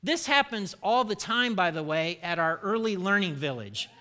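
A middle-aged man delivers a sermon through candid, self-deprecating stories. His voice sits high for a man, with a very bright, forceful, sharp edge. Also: very animated, moderate pace. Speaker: pastor.

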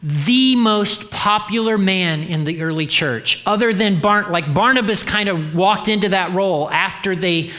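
A man preaches a sermon in a high, bright voice. He tells humorous stories and acts out the dialogue in them. His delivery is animated and playful. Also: measured pace, few pauses. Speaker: pastor.

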